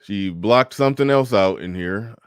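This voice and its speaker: A man's voice: fairly low pitch, normal speed, clean tone, no room sound. A man hosting a reaction commentary, casual and profane, speaking. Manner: casual, profane, reads posts aloud in changing voices. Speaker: commentary host.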